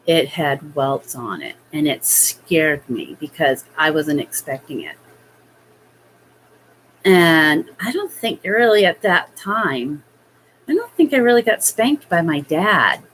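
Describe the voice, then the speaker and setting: A woman telling a personal childhood story in a hesitant, halting way, full of fillers. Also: low-pitched, slight background noise, rough recording. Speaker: vlogger.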